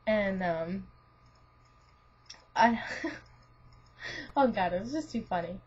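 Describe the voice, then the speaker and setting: A woman's voice: medium pitch, expressive, extremely slow, slightly rough. A young woman telling a friend about a dream in a casual, rambling way, giggling and saying "like" a lot. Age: young adult. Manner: rambling, giggly, full of "like" and restarts. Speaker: student vlogger. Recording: lo-fi webcam audio.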